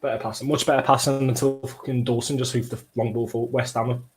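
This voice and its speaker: A young man hosting a football watchalong livestream, bantering and swearing as he reads out chat comments, with bursts of excited play-by-play. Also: mid-range voice, a little fast. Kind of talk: casual livestream chat and match reaction.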